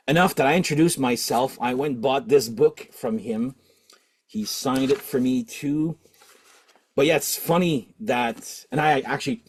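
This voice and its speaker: A man's voice: medium pitch, darkish tone. Man, middle-aged, from Canada, channel host, casual storytelling, rambling, many fillers.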